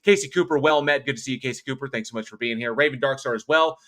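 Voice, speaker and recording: A man's voice: medium pitch, fast, fairly bright tone. A man hosting a casual livestream, greeting viewers by name and reading their chat comments aloud. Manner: chatty, thanks viewers one by one, swears casually. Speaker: livestream host.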